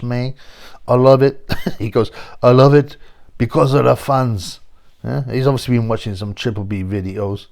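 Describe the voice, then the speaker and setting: Channel host, London man, gravelly, blunt and rambling. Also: fairly low pitch, darkish tone. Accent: London English. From England. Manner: rambling, blunt, full of slang and asides. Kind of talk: casual opinionated monologue.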